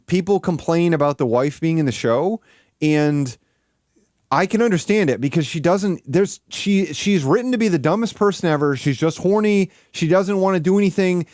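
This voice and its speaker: A man's voice: high voice, a little mellow, dry recording, clean studio sound. A man streaming live, ranting casually in a rambling, profane way full of "like". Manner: rambling, profane, heavy use of "like". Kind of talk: casual livestream rant.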